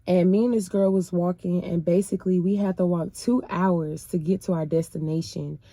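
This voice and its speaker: A woman recounts her faith journey in an emotional, colloquial way, calling her listeners "y'all". Her voice sits fairly low, and the recording is dry and close, with no room sound. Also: fairly even intonation, moderate pace, mellow, no room sound. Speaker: person sharing her faith testimony. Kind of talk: casual personal storytelling.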